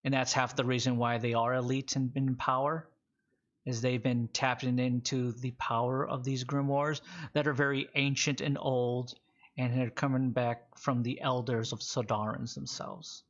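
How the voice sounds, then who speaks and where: A man's voice: mid-range voice, flat delivery, normal speed. Gm guy narrating loosely, kinda muffled lo-fi sound. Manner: loose, chatty narration with fillers. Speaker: game master. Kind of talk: narrating a tabletop game. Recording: dull lo-fi audio.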